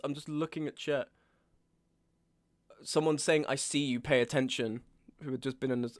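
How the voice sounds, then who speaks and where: A man's voice: medium pitch, fairly even intonation, normal speed, long pauses. A man in his twenties chatting casually on a live stream, exasperated, ranting and often repeating himself. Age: 20s. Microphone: webcam setup at home.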